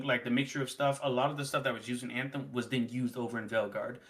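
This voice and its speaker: A man co-hosting a gaming podcast, talking casually in an animated, rambling way and laughing often. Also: mid-range voice. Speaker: podcast co-host.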